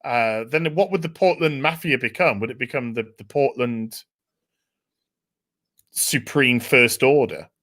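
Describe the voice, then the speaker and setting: A man's voice: medium pitch, unhurried, fairly bright tone. A man hosting a casual podcast, swearing freely and reading out viewer messages. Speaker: podcast host.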